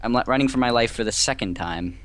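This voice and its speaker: A man's voice: mid-range voice, fast, a bit bright. A young man chatting casually while playing a block-building game, laid-back and wry, laughing off his own deaths. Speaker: gaming co-host. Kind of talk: casual let's-play chat.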